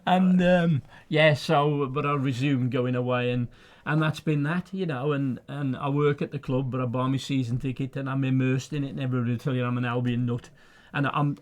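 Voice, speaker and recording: This is a man, speaking as a studio guest on a local radio show. He talks earnestly and with emphasis, often repeating a word to press a point. His voice sits in a middle pitch for a man. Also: fairly even intonation, fairly quick, hardly any pauses. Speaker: studio guest and lifelong fan. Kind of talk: conversational radio interview and reciting his own poem.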